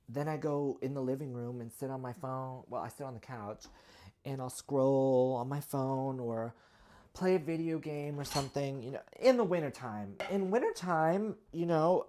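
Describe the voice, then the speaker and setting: A woman in her twenties talks casually into her own microphone as she cleans up her kitchen. Her voice sits low, and she rambles along with plenty of filler words. Faint running water and kitchen sounds murmur in the background. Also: a little mellow, slight background noise, low-quality recording. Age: 20s. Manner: rambling, chatty, many "like" and "you know" fillers. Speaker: vlogger. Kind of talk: casual chat while doing chores. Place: home kitchen. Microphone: own microphone near the sink.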